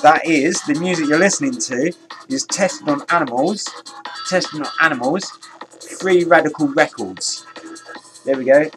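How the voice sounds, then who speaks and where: A man vlogging in an excitable, rambling way, with lots of restarts and casual swearing. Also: fairly high pitch, normal speed. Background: faint electronic music.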